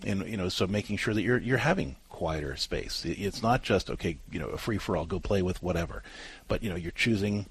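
Man, husky low voice, co-host, parenting advice, explanatory, restarts often. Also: brisk. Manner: explanatory, many restarts and fillers. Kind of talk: advice show discussion.

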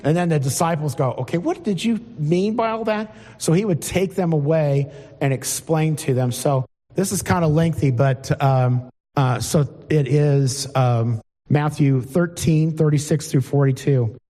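A middle-aged man preaches an informal sermon in a plain, conversational way and keeps turning to ask his listeners questions. His voice sits a little high for a man yet sounds mellow and dark. A long hall reverb trails after his words. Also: measured pace. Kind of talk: informal sermon with Bible reading. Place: church hall before a congregation.

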